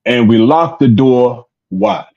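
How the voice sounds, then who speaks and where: A man in a casual discussion, laying out his point in a measured way and repeating words as he builds it. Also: mid-range voice, expressive, gravelly, a little mellow, dull audio.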